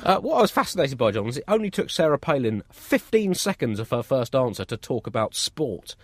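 A man co-hosts a satirical comedy chat, delivering dry, absurdist jokes. His pitch sits mid-range and swings widely. The sound is dry and close. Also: big pitch swings, fairly quick, dry recording. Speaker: comedy co-host.

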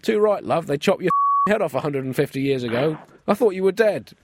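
A man voicing a gruff, hard-drinking old male prime minister in a comic radio sketch, barking and crude. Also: fairly high pitch, animated, fairly quick, a bit bright, pitched above the performer's own voice. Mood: brusque.

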